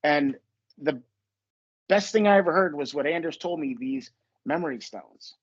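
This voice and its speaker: A man's voice: fairly high pitch, normal speed, muffled recording. Profane, joking male podcast host. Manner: profane, joking, animated storytelling. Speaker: podcast host and manifestation coach. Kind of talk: casual podcast chat.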